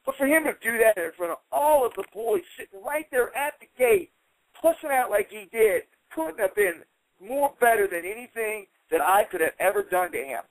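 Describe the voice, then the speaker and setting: High-pitched, animated middle-aged man. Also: moderate pace, dry recording, rough recording. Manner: animated, heated retelling. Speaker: interview guest. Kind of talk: casual storytelling.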